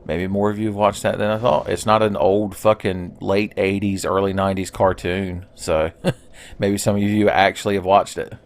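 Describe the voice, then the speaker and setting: Joking, low-voiced gaming commentator. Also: male voice, level tone, moderate pace. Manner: rambling, joking asides, frequent swearing. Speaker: let's play host. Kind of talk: casual gameplay commentary.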